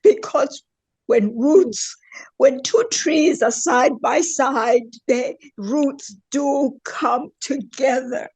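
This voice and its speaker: A woman's voice: sits high, extremely slow, a little mellow, slightly rough. An older woman speaking as a podcast guest, earnest and heartfelt, talking about her community. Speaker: guest, dance elder. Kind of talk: conversational interview.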